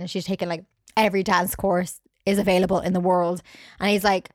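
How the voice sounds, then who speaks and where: A young woman talks through a film in a casual, chatty way and slips into the characters' voices to retell scenes. Her pitch sits in a middle range for a woman. The recording is close and dry, with no room echo. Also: steady tone, quick pace. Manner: chatty, recaps scenes while acting out characters' lines. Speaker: podcast co-host.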